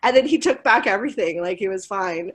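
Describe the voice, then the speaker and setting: A woman in her forties, a school administrator, telling stories in a casual interview with frequent laughs and quick acted-out quotes. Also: medium pitch. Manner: animated, laughing, voices quoted people.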